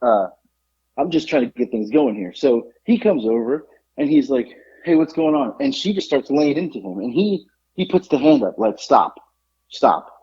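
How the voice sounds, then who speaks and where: A man's voice: medium pitch, moderate pace, breathy edge, dull audio. A man co-hosting a podcast, telling a story in casual chat and acting out the people in it. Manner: animated, acts out the people in his story. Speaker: podcast co-host.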